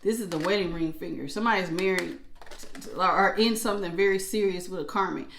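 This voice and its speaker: A woman giving a casual tarot reading in a chatty, animated way, with features and acted-out asides. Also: on the low side, a little fast, gravelly, slight background noise. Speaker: tarot reader. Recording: echoey room.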